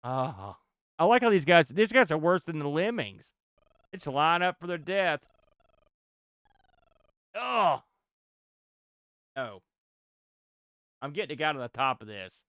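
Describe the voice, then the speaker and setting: A man streaming retro games live, reacting loudly with yelps, groans and frequent laughter as he plays. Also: a little high, slow, pauses often, smooth, dry recording, studio quality. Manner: excitable, yelps and groans at the game, laughs often. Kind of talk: excitable live gameplay commentary.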